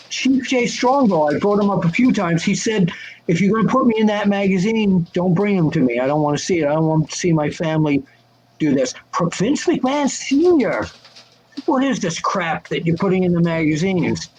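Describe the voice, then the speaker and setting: An older man telling wrestling-magazine stories on a video call, lively and acting out the voices of people he quotes. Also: fairly high pitch, slightly rough, rough recording. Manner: animated, acts out quoted voices. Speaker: guest answering fan questions. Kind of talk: casual storytelling chat.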